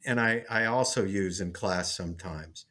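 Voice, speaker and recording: A man's voice: deep voice, normal speed, bright, forceful tone. A man, a sitcom writer and teacher, telling a story in an interview, with frequent restarts.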